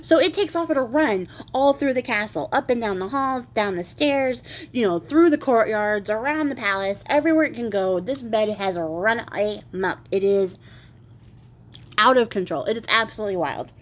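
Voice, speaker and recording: A woman's voice: on the high side, expressive, moderate pace. A woman casually retelling a fairy tale in a chatty, irreverent way with wry asides. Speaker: crafting channel host retelling a fairy tale. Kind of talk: casual storytelling.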